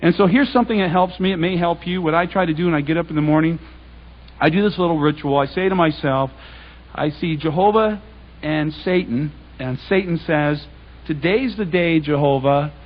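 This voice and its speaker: In a storytelling sermon, a man gives a public Bible talk, sharing anecdotes in a relaxed, conversational way and acting out the dialogue. His voice is a little high and fairly quick, and the highs are cut off.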